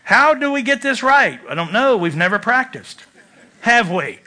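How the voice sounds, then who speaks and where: A man preaching a sermon in church, joking and animated, swinging from loud urging to hushed asides. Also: very high voice, moderate pace. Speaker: pastor.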